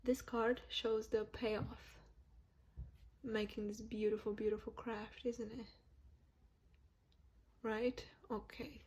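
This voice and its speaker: Breathy woman chatting through a tarot reading. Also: on the high side, little pitch movement, takes it slowly, long pauses, darkish tone. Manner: chatty, self-correcting, laughs often. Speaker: tarot reader. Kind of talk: casual tarot reading to camera.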